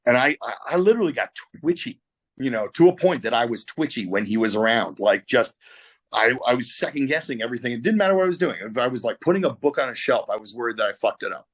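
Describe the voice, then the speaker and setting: A man's voice: mid-range voice, animated, fast, husky. A man telling a story as an interview guest in a candid, profane way with lots of fillers. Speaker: tattoo artist guest. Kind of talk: casual storytelling.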